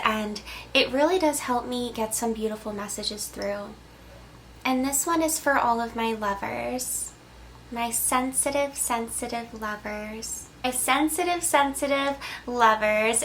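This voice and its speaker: Young woman crystal healer, higher voice, gentle soothing delivery, light hiss behind. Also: poor audio. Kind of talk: soft spoken channeled message.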